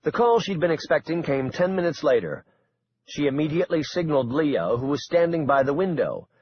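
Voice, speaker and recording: A man narrating a suspense audiobook in an expressive, dramatic way. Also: a little high, a little fast, dull audio, slight background noise.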